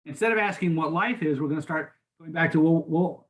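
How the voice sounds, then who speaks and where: A man's voice: fairly high pitch, brisk. An older man teaching a class, lecturing in an informal way with frequent restarts and repeated words. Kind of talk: conversational lecture.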